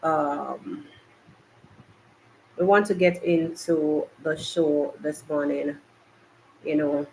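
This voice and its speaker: A podcast host from Jamaica rambles chattily to live viewers in a casual live stream, recorded on a laptop in a hot, bright makeshift home studio. The medium-pitched voice is creaky and darkish, with fairly even intonation, extremely slow delivery, and frequent pauses. The rough recording has slight background noise.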